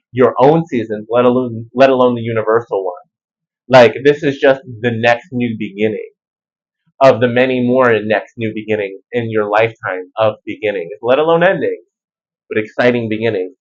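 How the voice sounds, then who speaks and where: A man's voice: medium pitch, normal speed, dull audio. Chatty man giving a tarot reading. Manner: animated, slangy, rambling. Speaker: tarot reader. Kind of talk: casual spiritual card reading.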